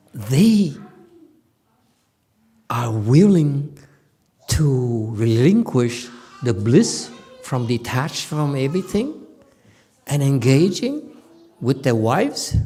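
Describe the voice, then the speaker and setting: Slow, playful Buddhist teacher, a man. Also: a little high, slightly rough. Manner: playful, laughing often, swings from loud to hushed asides. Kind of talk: Dharma lecture. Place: temple lecture hall.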